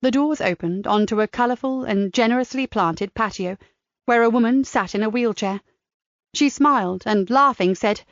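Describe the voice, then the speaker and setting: A woman narrating a crime audiobook in a measured, descriptive manner. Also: fairly high pitch, no room sound. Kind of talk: scripted narration. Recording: dry, slightly dull studio sound.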